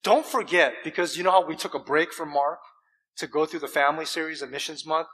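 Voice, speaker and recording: Male pastor, sermon delivery, high bright voice, emphatic with deliberate pauses. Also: slightly rough, low-quality recording. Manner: animated, emphatic preaching with rhetorical questions; deliberate pauses and repeated words.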